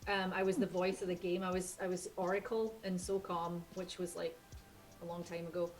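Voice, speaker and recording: A woman's voice: on the low side, little pitch movement, moderate pace, faint music behind. Woman, Scottish accent, voice actor, casual rambling storytelling, self-correcting. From Scotland.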